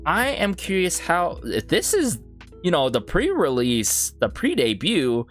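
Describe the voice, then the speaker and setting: A man's voice: a little high, wildly swooping pitch, a little slow, a bit bright. A man hosting a K-pop reaction video, talking with enthusiasm and often checking in with the listener with "right?" and "you know what I'm saying?". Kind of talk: casual music reaction commentary. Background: faint music from the video being reviewed.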